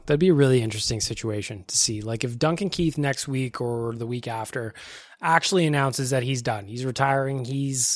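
A man's voice: medium pitch, fairly quick, dry recording, clean studio sound. A young male podcast host chatting casually and enthusiastically, with self-deprecating humor.

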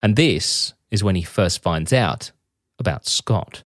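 A man hosting a podcast, reading a measured, scripted true-crime narration. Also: low-pitched, lively intonation, dry recording, clean studio sound. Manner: measured, reads narration evenly. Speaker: podcast host.

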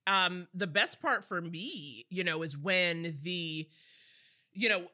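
A woman's voice: lowish voice, slow pace, bright, forceful tone. A woman from the US co-hosting a podcast, chatting sassily with plenty of fillers about a film. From United States. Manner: sassy, hedging, full of fillers. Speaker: podcast co-host. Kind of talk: casual chat recapping a film.

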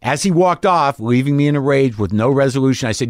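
A man's voice: medium pitch, animated, fast, no echo. A middle-aged man hosts his own show and tells a raw story straight into a close mic. He swears freely and voices both sides of a heated argument. The sound is dry, with no room around him. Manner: profane, candid, acts out both sides of an argument. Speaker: podcast host and stand-up comic. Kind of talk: candid storytelling monologue.

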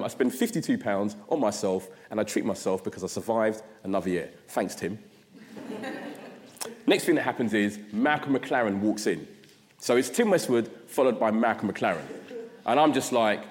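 A man from South London with a London accent, giving an address as a guest speaker. He tells his story in an animated way and acts out his own past thoughts. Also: mid-range voice. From South London, England. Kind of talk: storytelling talk. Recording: long reverb of a large hall.

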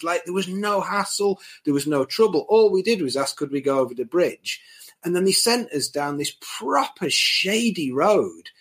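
A man's voice: fairly high pitch, animated, normal speed, a bit bright, breathy edge. A man telling an exasperated story in casual chat.

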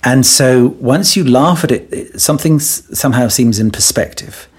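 Male guest for an interview, husky voice, playful teasing storyteller. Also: medium pitch, normal speed. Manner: playful, teasing storyteller who acts out quotes. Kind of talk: conversational podcast interview.

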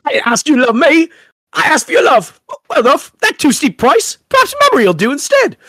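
A wheedling faerie godmother with a hammy mock Cockney accent, put on by a podcast host. She drives hard bargains in a high, swooping voice. The recording is dry and close. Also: huge pitch swings, a little fast, sharp tone, no echo, full character voice. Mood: coaxing. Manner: wheedling, theatrical. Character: sly old female faerie godmother, bargaining.

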